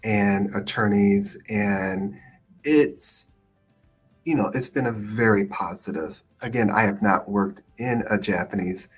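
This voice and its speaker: A man hosting a live stream as an immigration attorney, talking in a thoughtful, hedging way with many pauses and ums. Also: on the low side, breathy edge, soft background music. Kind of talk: conversational live stream chat.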